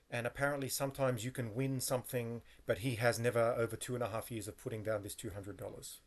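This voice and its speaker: A man telling a personal story in a casual vlog monologue, meandering and correcting himself as he goes. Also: medium pitch. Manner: meandering, with frequent fillers and self-corrections. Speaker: vlogger.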